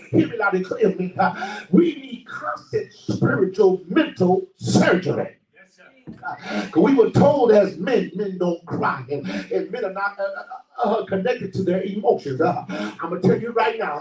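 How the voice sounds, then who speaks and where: Animated preacher in an echoey church. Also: male voice, high voice. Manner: call-and-response preaching, rising into shouts; many filler "uh" and "my God" interjections. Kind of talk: sermon. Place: church sanctuary. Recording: echoey room, mic at a distance.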